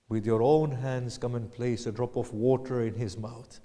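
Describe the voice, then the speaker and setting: A man giving a sermon, retelling a tragic story slowly, swinging from hushed whispers to loud anguished cries. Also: mid-range voice, fairly even intonation, long reverb tail. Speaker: lecturer.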